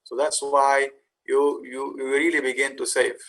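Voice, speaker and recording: Male course instructor, mid-pitched, gravelly, patient explainer. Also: flat delivery, a little slow, a bit bright, poor audio. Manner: explanatory, with frequent fillers and restarts. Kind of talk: lecture on facility management.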